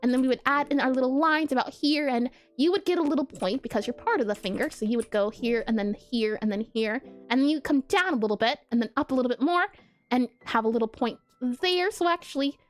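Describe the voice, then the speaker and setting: A woman's voice: high-pitched, fast, faint music behind. A woman streamer with a slightly nasal, nerdy voice and a scratchy throat, chatting and thinking aloud as she draws. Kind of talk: casual live-stream chat while drawing.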